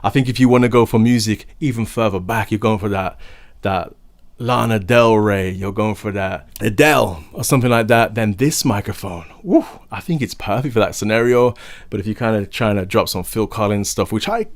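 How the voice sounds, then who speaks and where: A man's voice: lowish voice, moderate pace, dry recording. A young man casually reviewing microphones at home, talking close into a condenser mic with enthusiastic, rambling chatter. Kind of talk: casual gear review talk. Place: home recording setup. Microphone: large condenser studio mic, close.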